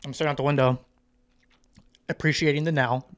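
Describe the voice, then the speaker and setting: A young man and grappling coach telling a story in a casual podcast chat, animated, laughing often and acting out the dialogue. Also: a little high, fairly quick.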